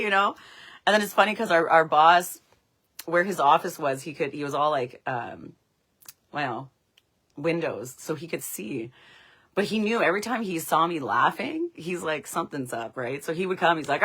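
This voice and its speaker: Bright, low-voiced woman, laughing chat. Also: expressive, a little fast. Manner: chatty, laughs often, many fillers. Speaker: livestream host. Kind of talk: casual storytelling livestream.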